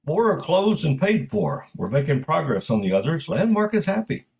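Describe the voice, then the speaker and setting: A man's voice: fairly high pitch, very animated, moderate pace, vocal fry, darkish tone, pitched above the performer's own voice. A man voicing a loyal, upbeat woman office assistant, speaking in a reassuring way, in a spoken story.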